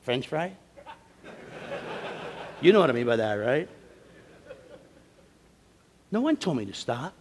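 A man's voice: medium pitch, takes it slowly, long pauses. A middle-aged man preaching at a conference, telling stories animatedly and acting out the quotes. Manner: animated storytelling, acts out quotes. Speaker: conference speaker. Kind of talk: sermon. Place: large conference hall. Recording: long hall reverb.

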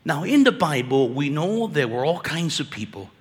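Animated preaching man in a reverberant hall. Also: a little high, normal speed. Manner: animated, conversational preaching with slang. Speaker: conference speaker. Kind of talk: sermon. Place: conference hall.

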